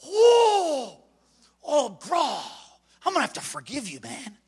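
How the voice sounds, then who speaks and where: A man's voice: high-pitched, huge pitch swings, very slow, sharp tone, slightly rough, full character voice. Man putting on a tough young ex-gangbanger. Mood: strained. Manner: strained, holding back anger. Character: tough young male ex-gangbanger, barely holding back.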